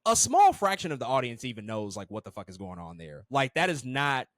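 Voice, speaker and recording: A man chats through a film review in an animated, loose way, restarting sentences and swearing now and then. His voice sits at a middle pitch. The mic is close and dry. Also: fairly quick, no echo. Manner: animated, swears, repeats words when restarting. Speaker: podcast co-host. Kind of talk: casual movie review chat.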